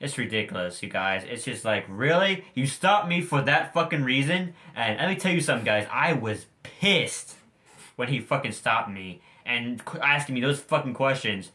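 A man's voice: mid-range voice, lively intonation, normal speed, pushed and bright. A teenage boy ranting angrily to his viewers in a storytime vlog, heated and full of swearing. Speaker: vlogger. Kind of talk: angry storytime rant.

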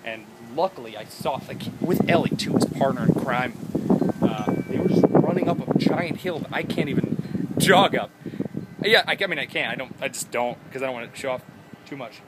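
A man's voice: medium pitch, animated, normal speed, very noisy. A young man vlogging outdoors by his house, rambling and joking in a goofy way. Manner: goofy, jokey, jumps between topics and silly voices. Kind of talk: rambling casual vlog.

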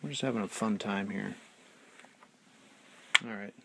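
A man's voice: lowish voice, fairly even intonation, a little slow, creaky, very noisy. A man hosting a casual hobby vlog, chatty and self-deprecating, often trailing off mid-sentence as he talks at his painting desk. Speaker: hobby channel host.

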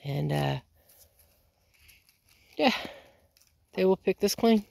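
A woman's voice: on the low side, lively intonation, slow pace, creaky, darkish tone, dry recording. A woman vlogging casually outdoors on a small farm while doing chores, sounding a bit sick and rambling with many ums. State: sick, under the weather. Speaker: homestead vlogger.

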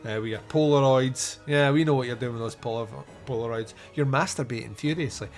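A man's voice: medium pitch, fairly quick, soft background music. Irreverent man recapping a movie. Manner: irreverent, jokey, crude asides. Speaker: podcast host reviewing a film. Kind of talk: casual film-recap podcast.

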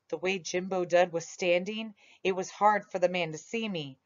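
A woman reading a children's story aloud with expressive delivery. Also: lowish voice, moderate pace, few pauses. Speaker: reader. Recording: dull lo-fi recording.

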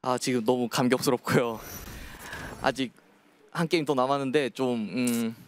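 Male player from Korea, very fast, emotional answers. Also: medium pitch, steady tone, slight background noise. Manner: emotional, laughing. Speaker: professional player. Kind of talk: post-match interview answers.

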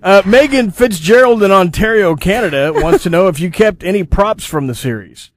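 A man's voice: high voice, expressive, normal speed, slight background noise. An American man hosting an interview show, chatty and jokey with plenty of fillers. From United States. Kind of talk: casual interview.

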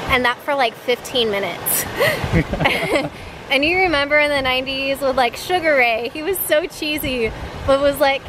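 A woman vlogging on a hike beside a creek, chatty and playful, and quick to get worked up. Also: high voice. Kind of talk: casual outdoor vlog chat. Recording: noisy outdoor recording.

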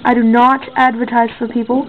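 A woman's voice: on the high side, flat delivery, fairly quick. Rambling female contest host, tinny sound. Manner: rambling, with many fillers and self-corrections. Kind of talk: casual home video.

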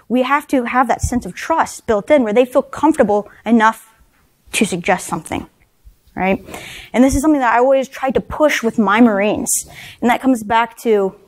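A woman speaker, high voice, chatty. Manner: conversational, frequent "right?" tag questions; self-deprecating humor. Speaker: conference speaker. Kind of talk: leadership talk to a live audience. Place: conference session room.

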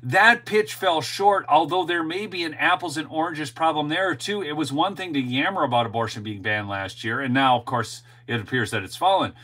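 Brief: middle-aged male host, high voice, emphatic talk straight to viewers. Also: normal speed, few pauses, pushed and bright, rough recording. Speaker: show host and political commentator. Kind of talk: opinionated commentary monologue.

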